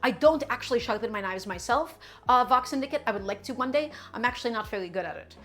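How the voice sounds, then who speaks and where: A woman's voice: a little high, expressive, fast, fairly bright tone, soft background music. A young woman chatting upbeat as she demonstrates a recipe on a cooking live stream and answers her viewers.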